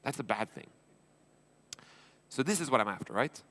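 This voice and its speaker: A man's voice: medium pitch, lively intonation, moderate pace, a bit bright. A man from Sweden, giving a blunt, informal conference talk as an entrepreneur and investor, acting out dialogues and swearing. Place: conference stage.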